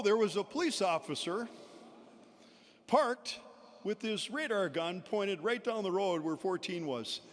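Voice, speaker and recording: Man telling stories in an echoing hall. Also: high-pitched. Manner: anecdotal, chuckling between stories. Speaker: eulogy speaker at a memorial service. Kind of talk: storytelling eulogy. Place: large indoor pavilion. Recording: long hall reverb in a large venue.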